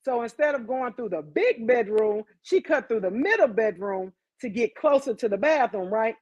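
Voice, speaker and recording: A woman hosting a podcast, telling a story in a casual, animated way, swearing freely and talking straight to her listeners. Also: fairly high pitch, moderate pace, lo-fi sound. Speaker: podcast host.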